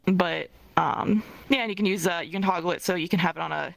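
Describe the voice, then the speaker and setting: Chatty woman with a gravelly low voice. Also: fast talker, no room sound, low-quality recording. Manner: chatty, full of fillers, fond of the word little. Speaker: avatar creator showing her work. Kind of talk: casual show-and-tell.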